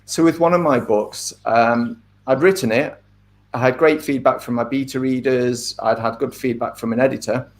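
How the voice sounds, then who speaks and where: A middle-aged man, an author being interviewed, talking in a thoughtful, measured way with frequent ums and asides. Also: mid-range voice, steady tone. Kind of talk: casual interview talk.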